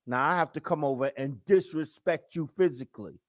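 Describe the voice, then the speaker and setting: A man speaking hosts a live talk show, chatting casually with his viewers. His voice sits a little high and he acts out quick bits of dialogue. The sound is dry and close. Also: dry recording. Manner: conversational, acts out quick quoted voices, repeats himself. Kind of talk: casual live-stream commentary.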